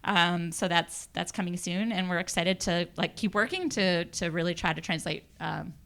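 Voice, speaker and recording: A woman's voice: on the low side, normal speed, a bit bright. A woman presenting a youth project's findings to a city, thoughtful with many fillers. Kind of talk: public presentation.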